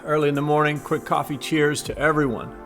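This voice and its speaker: A man vlogging, earnestly retelling a frightening day to his viewers in a casual, animated way. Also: on the high side, brisk, soft background music. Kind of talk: casual storytelling to camera. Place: Los Angeles area.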